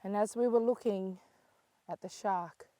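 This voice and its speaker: An older woman from South Australia with an Aboriginal Australian English accent, telling a story for children in a lively voice that moves from hushed to excited. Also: medium pitch, measured pace, no room sound. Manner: lively, swings between hushed and excited calls.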